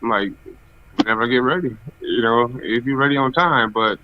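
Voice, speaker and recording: A man's voice: medium pitch, fairly quick. A man from Michigan chatting casually and repeating phrases as he talks. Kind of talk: casual chat. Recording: dull lo-fi sound.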